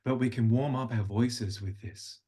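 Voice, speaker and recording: A man's voice: medium pitch, moderate pace, dark tone. Patient man coaching voice exercises. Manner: patient, instructive, talks participants through exercises. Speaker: language and voice coach. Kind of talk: live vocal coaching workshop.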